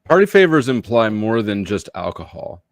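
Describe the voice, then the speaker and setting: Low-voiced man, wry and teasing. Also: big pitch swings, moderate pace, no echo. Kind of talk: casual chat.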